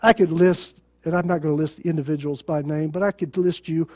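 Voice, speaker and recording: A man's voice: a little high, steady tone, fairly quick, a little mellow. A male pastor preaching a sermon in a plain conversational way, with sarcasm and rhetorical questions.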